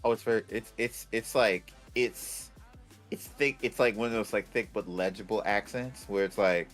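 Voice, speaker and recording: A man's voice: lowish voice, steady tone, normal speed, fairly bright tone, faint music behind. A man co-hosting a casual tech podcast, jokey and full of playful asides. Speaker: podcast co-host.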